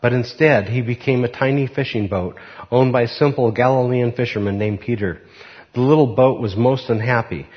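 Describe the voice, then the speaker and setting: A man preaching and then reading a children's story aloud, unhurried and reflective, with fillers. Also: mid-range voice, in a large hall. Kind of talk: sermon with a read-aloud story. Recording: muffled recording.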